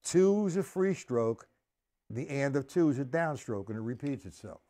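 A man's voice: medium pitch, lively intonation, normal speed, dark tone. A man teaching a drum lesson on a live stream, counting the beats aloud and explaining each stroke step by step.

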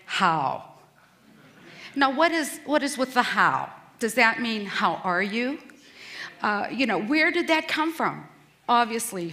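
A woman's voice: mid-range voice, sharp tone. A middle-aged American woman giving a self-deprecating, humorous stage talk at a conference. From United States.

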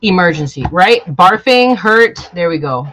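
A woman's voice: lowish voice, lively intonation, measured pace, background noise. A woman from Chicago, chatting casually and joking with viewers on a live stream while working on a sewing project at home. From Chicago, USA. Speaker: sewing vlogger.

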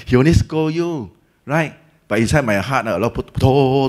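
A Buddhist teacher with a Singaporean English accent gives a Dhamma talk, telling the story lively and acting out its characters. He speaks colloquially in a medium-pitched, unhurried voice, mixing in Malay and Hokkien words, with soft music in the background.

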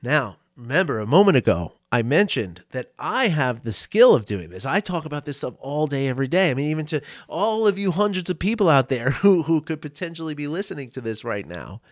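A man's voice: fairly high pitch, sing-song, a little fast, few pauses, no echo, clean studio sound. A man coaching on a solo podcast, talking casually and often checking in with "right?" and small laughs.

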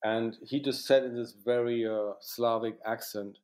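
Halting, reflective male cinematographer. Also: medium pitch, fairly even intonation, a little mellow. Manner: halting, many restarts and "you know". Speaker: cinematographer, interview guest. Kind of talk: reflective interview recollection.

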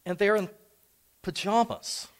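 A man's voice: sits high, unhurried. An older man preaching a sermon as a pastor, telling personal stories in a conversational way. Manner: conversational and anecdotal. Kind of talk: storytelling sermon.

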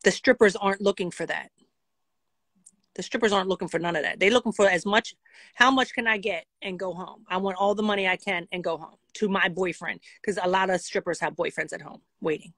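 A woman telling a casual storytime vlog in a blunt, profane and animated way. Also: mid-range voice, fairly quick, no room sound. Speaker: vlogger.

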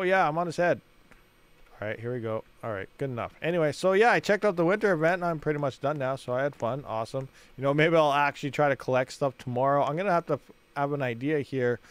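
A man with a slightly high voice gives casual gameplay commentary, rambling and thinking aloud. He talks to his viewers as he clicks through menus. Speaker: gaming channel host.

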